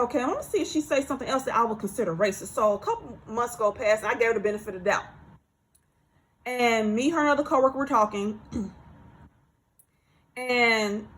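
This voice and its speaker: A woman tells a story in a relaxed, chatty monologue, her voice sitting high. She is animated, circling back over her points and acting out other people's lines as she goes. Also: a little fast, low-quality recording. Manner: animated, repeats herself, acts out coworker's lines. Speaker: channel host telling a workplace story.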